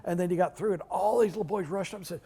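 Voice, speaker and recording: A man in his sixties, a guest speaker, tells stories at a public talk in a halting way, full of restarts and asides. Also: high-pitched, mellow. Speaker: guest speaker, retired library director. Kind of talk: anecdotal storytelling at a public talk.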